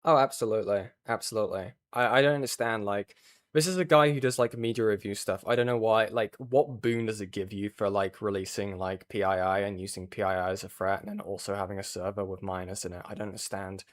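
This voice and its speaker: A low-voiced man with a steady tone talks fast while hosting a livestream. He chats casually about online drama, full of filler words and saying "like" a lot.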